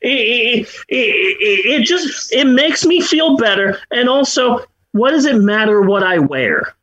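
A middle-aged man with a high, very lively voice that swoops up and down as he chats. He rambles through his stories, often restarting sentences, and pokes fun at himself as a podcast host. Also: unhurried, dull audio. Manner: rambling, self-deprecating, frequent restarts. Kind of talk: casual chat.

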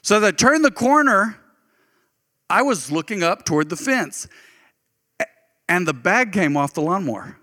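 A high, bright-voiced pastor preaches a sermon full of homespun stories at a moderate pace, pausing often. When he gets excited his voice jumps upward, and a long hall reverb trails behind him.

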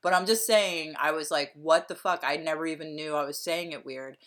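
A woman's voice: low-pitched, brisk, fairly bright tone. A woman, rambling through a casual podcast chat. She swears freely and fills her sentences with ums and likes. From Pennsylvania. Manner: profane, rambling, frequent fillers. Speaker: podcast co-host.

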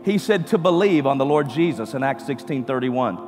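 A pastor preaching a sermon to a church congregation, with rising emphatic bursts. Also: male voice, medium pitch, animated, a little fast, darkish tone. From California. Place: church sanctuary. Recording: church hall reverb with music.

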